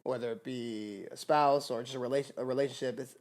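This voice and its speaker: A man's voice: mid-range voice, brisk. Earnest young man, reflective. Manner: earnest, reflective, faith-based talk. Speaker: podcast co-host. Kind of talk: casual chat.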